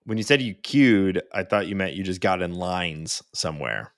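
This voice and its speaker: A man's voice: sits low, expressive, normal speed, dry recording, clean studio sound. A man co-hosting a casual sports podcast, telling stories in a rambling, self-interrupting way and laughing easily. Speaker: podcast co-host. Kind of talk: casual chat.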